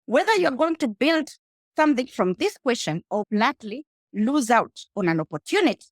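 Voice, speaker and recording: A woman's voice: fairly high pitch, very animated, normal speed, no room sound, clean studio sound. A woman with a Kenyan accent, a guest speaking emphatically in a casual interview and addressing the listener directly. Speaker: guest, rideshare entrepreneur.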